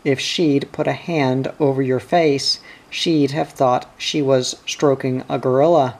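A man voicing a grumbling gold-miner who trades gruff insults, read slowly. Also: medium pitch, fairly even intonation. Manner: gruff, wrathful retorts.

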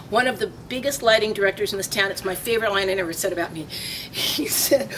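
An older woman telling stories in a casual interview, animated and laughing as she acts out voices. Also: medium pitch, fast, recorded from a distance, slight background noise.

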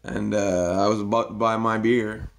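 A man tells a rambling story from his day in a gravelly, lowish voice. He talks haltingly and keeps restarting his sentences, with a swear word here and there. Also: steady tone. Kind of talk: casual storytelling monologue.

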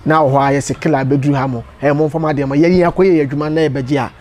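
Ghanaian male interviewer, somewhat high voice, short prompts, faint noise. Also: steady tone, rapid-fire. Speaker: interview host. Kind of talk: casual interview.

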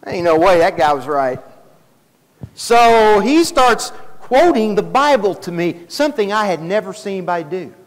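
A man telling his story in a folksy, animated sermon, acting out the dialogue. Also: high-pitched, normal speed. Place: church hall. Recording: live church stream with long hall reverb.

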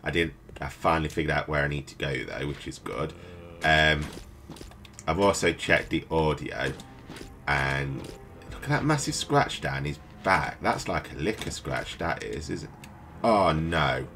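A British man with an extremely deep, low voice gives loose, rambling gameplay commentary, muttering to himself as he plays. He sounds tired and up at night, and game music plays clearly behind him. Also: expressive, unhurried, sharp tone. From United Kingdom. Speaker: let's play host.

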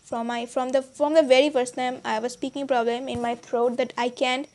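A woman whose first language is Bengali, chatting casually in a vlog with halting, hesitant speech full of restarts and fillers. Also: high-pitched, level tone, darkish tone. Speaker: channel host.

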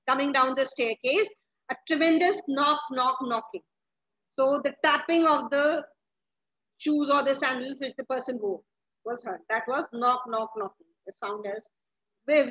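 A woman's voice: high voice, a bit bright, highs cut off. A woman, a teacher explaining a story to her class, asking questions and often restarting her sentences. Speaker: English teacher.

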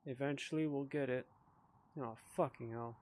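A man's voice: mid-range voice, fairly even intonation, normal speed, darkish tone. A tipsy man giving casual commentary while playing a VR game, swearing a lot with frustrated outbursts and mumbled asides. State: tipsy from drinking. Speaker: VR gamer.

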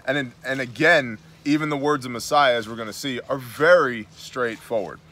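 New guy reading bible verses then riffing on them, blunt and chatty, middle pitch. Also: brisk, sharp tone. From New York. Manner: conversational, reads scripture aloud then comments with blunt asides. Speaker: host. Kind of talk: casual Bible study talk.

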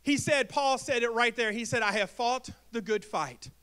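A man preaching a sermon in a church, energetic, asking the congregation questions and acting out little quips. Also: very high-pitched, normal speed, smooth. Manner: energetic, asks the crowd questions and acts out quips. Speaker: pastor. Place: church sanctuary.

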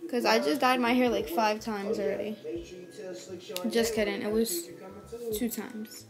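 A woman's voice: on the high side, flat delivery, unhurried, vocal fry, a crowd in the background. A woman in her twenties vlogging in casual chat, slangy and swearing freely. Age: 20s.

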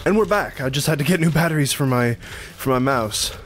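A man giving casual commentary on a game, excitable and jumpy, swearing and laughing when startled, recorded at home on a desktop mic. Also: mid-range voice, brisk, a little hiss or hum. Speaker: let's play gamer. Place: room at home.

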